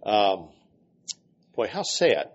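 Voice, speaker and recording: A man's voice: on the low side, big pitch swings, very slow. Earnest man lecturing, dull lo-fi sound. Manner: earnest, with frequent fillers. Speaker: workshop teacher for ministers. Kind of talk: lecture with reading aloud. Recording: dull lo-fi recording.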